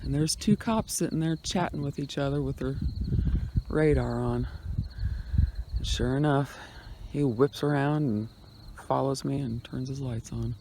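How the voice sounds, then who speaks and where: A man's voice: mid-range voice, unhurried, creaky, warm tone. A man vlogging on a road trip, chatting casually to a handheld phone at an outdoor forest campsite, rambling and trailing off as he talks. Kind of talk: casual chat to camera. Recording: wind-buffeted outdoor phone audio. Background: wind and crickets.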